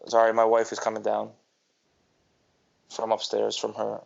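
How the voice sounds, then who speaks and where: A man's voice: fairly low pitch, monotone, moderate pace, vocal fry. A man co-hosting a casual sports podcast, rambling and ranting with frequent restarts. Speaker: podcast co-host. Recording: dull lo-fi podcast audio.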